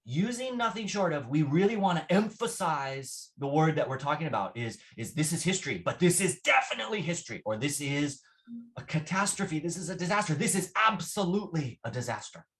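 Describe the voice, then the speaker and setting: A man's voice: fairly high pitch, very animated, a little fast, a bit bright. A man teaching English vocabulary in a classroom lesson, patient and repetitive, often checking with "right?". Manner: patient, repeats phrases, asks "right?" often.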